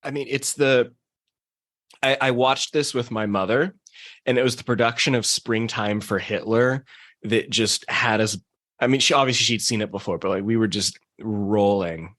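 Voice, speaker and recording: A man in casual podcast chat, speaking haltingly and restarting his sentences. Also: fairly low pitch, fairly even intonation, fairly bright tone.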